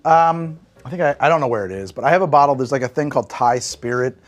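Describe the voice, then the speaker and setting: A man's voice: medium pitch, quick pace. Rambling, profane male streamer. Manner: rambling, profane, thinking aloud. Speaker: live streamer. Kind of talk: casual livestream chat.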